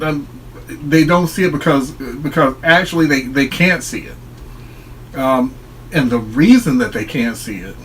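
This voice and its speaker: A man's voice: mid-range voice, fairly bright tone, slight background noise, poor audio. A man talking straight to his viewers in a solo vlog, explaining his view in an earnest, reflective way. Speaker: online commentator.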